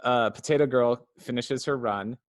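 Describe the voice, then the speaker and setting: A man's voice: mid-range voice, moderate pace, dry recording, studio quality. A man co-hosting a casual podcast, animatedly retelling scenes and acting out characters' lines. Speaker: podcast co-host. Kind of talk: casual podcast review chat.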